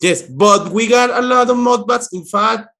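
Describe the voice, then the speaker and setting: A man with a Venezuelan accent interpreting and co-hosting an interview, quick and laughing. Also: high voice, sharp tone. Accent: Venezuelan Spanish. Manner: switches between English and Spanish, quick, laughs. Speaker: interpreter and co-host. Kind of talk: casual interview chat.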